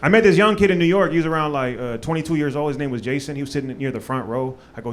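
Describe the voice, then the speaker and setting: A man's voice: a little high, rapid-fire, hardly any pauses, slight background noise. A man from Maryland doing a stand-up comedy set on a club stage, loose and profane with lots of fillers. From Maryland, USA.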